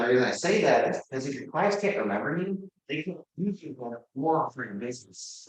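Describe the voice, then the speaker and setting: A man giving an energetic, loosely delivered sales presentation to a group as a sponsor. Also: mid-range voice, roomy sound, low-quality recording. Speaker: sponsor giving a product talk.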